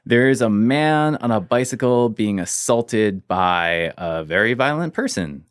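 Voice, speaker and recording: A man's voice: medium pitch, animated, a little slow, smooth, dry recording, clean studio sound. A man, a guest in an interview, telling a personal story casually and leaning on "like" as he goes. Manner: casual, fills with "like", trails off quietly.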